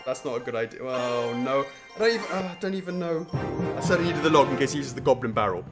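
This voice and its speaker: A man hosting a live stream, commentating his own game with excitable groans and playful trash talk aimed at his opponent. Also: medium pitch, fast. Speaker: streamer and show host. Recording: game music playing under the voice. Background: game music.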